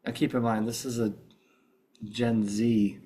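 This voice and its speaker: A man's voice: mid-range voice, flat delivery, measured pace, mellow, slightly rough. A middle-aged American man hosting a podcast in casual chat, groggy from just waking up, rambling and chatty with many restarts. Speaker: podcast host.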